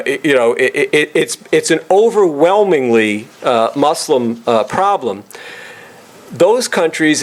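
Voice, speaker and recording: A middle-aged man with a New York accent giving a halting introductory speech to an audience, full of fillers and restarts. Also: medium pitch. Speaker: introductory speaker.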